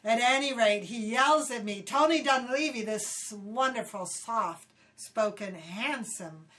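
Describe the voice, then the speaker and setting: An older woman from Hawaii, casually telling animated stories in an interview and acting out quoted voices. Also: fairly high pitch, slow. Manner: animated, acts out quotes loudly, laughs often. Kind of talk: casual storytelling. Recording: voice somewhat distant from the mic.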